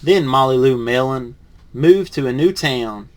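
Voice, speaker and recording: A man, a teacher in training, reads a picture book aloud with lively rises on the punchlines, then reviews it softly and hesitantly. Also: mid-range voice, unhurried. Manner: lively storybook reading, rising on punchlines, then soft and hesitant when reviewing.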